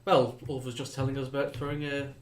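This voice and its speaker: A man's voice: mid-range voice, level tone, quick pace, far from the mic, lightly acted. A man playing a breezy, evasive young rogue. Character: smooth-talking male criminal covering with a cheerful story. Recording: roomy echo.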